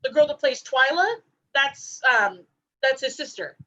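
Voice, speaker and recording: Guest, American woman: giggly casual video-call chat, bright high voice. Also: lively intonation, a little slow, highs cut off. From United States. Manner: giggly, stumbles over words. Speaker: party guest.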